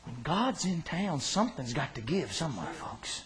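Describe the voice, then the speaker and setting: A man preaching an impassioned sermon in a church, with fervent, drawn-out delivery and answers from the congregation. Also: fairly high pitch, big pitch swings, a bit bright, low-quality recording. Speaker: pastor.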